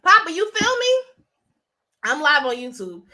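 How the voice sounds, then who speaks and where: A woman with a high, bright voice chats with her live-stream viewers in a loose, blunt way, swearing freely. She talks into a phone. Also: sing-song, measured pace. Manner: chatty, blunt, profane. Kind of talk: casual live-stream chat.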